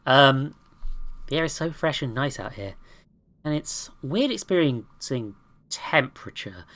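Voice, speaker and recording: A woman's voice: a bass voice, big pitch swings, measured pace, fairly bright tone. A woman streaming a game, chatting and joking about herself as she plays. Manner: chatty, self-deprecating. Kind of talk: let's play with reading aloud.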